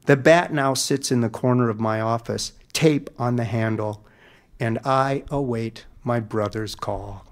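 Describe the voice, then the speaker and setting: A man's voice: medium pitch, unhurried, slight background noise. A middle-aged man telling a comic story in a grand, mock-epic manner. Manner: mock-epic, dramatic delivery.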